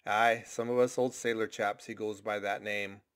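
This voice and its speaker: A man's voice: fairly low pitch, level tone, moderate pace, a bit bright, smooth, close to an everyday voice. A man voicing a shabby, intense old sailor who mutters cryptic, ominous warnings. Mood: ominous, insistent.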